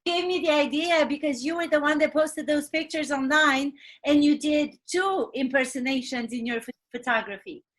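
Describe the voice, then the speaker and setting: A woman's voice: high voice, moderate pace, few pauses, a bit bright. A woman with a Romanian accent, an acting coach hosting a podcast and directing an exercise energetically.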